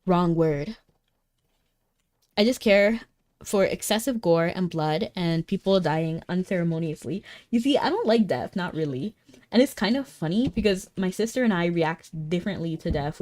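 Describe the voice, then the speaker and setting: A woman's voice: fairly low pitch, normal speed, a little mellow. Chatty young woman streaming a game. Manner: chatty, bubbly, greets viewers. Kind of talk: casual live-stream chat. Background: faint game music.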